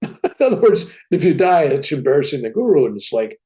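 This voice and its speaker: A man's voice: fairly high pitch, big pitch swings, brisk, dark tone. An older man telling a personal story as an interview guest, acting out the dialogue as he goes.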